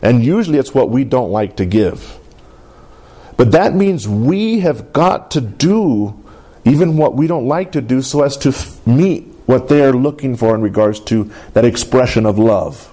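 A middle-aged male pastor who preaches a sermon in a lively call-and-response way and drops into playful voices now and then. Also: mid-range voice, unhurried.

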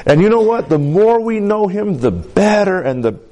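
A man's voice: sits high, very animated, normal speed, dark tone. A man preaching a sermon, stressing key words and calling out to his congregation for an amen. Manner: emphatic preaching with congregation call-outs. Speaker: pastor.

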